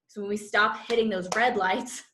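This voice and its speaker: A woman with a steady, mid-range voice speaking at normal speed leads a live online masterclass over video call as a manifestation and human design coach. She's chatty and bubbly, acting out people's inner voices, and the recording has a roomy echo plus background noise.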